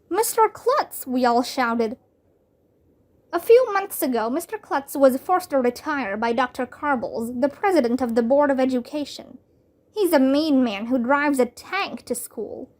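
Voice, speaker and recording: Here a reader with a high voice, a woman who speaks Vietnamese as her first language, brings a children's chapter book to life. She delivers it clearly and with lively storytelling energy.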